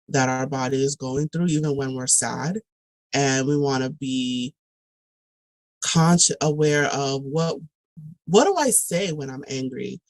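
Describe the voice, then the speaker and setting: Thoughtful and reflective, this woman guesting on a casual podcast as a tutoring director fills her talk with ums and restarts. She has a low voice, and the audio is poor with no room sound.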